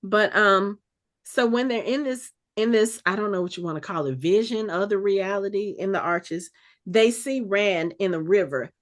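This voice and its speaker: A woman co-hosting a podcast, casually recapping a TV episode in an animated way and acting out the characters' lines as she goes. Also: medium pitch, moderate pace. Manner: animated, retells scenes with quoted lines. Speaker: podcast co-host. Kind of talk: casual show recap chat.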